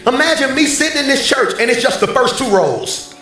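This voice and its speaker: A male pastor preaching a sermon from a church stage, animated and bantering with the congregation. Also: very high-pitched, a little fast. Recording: very echoey hall, faint music.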